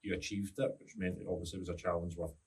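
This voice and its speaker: A man's voice: low-pitched, little pitch movement, very fast, darkish tone, distant mic. A man hosting a podcast, teasing his guests and asking probing questions. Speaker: podcast host. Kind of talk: casual podcast interview.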